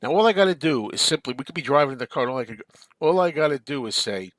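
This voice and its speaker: A man's voice: medium pitch, expressive, quick pace, fairly bright tone, dry recording. A man hosting a casual live-stream chat, rambling and answering viewer comments. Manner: rambling, chatty, reads viewer comments aloud. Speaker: show host.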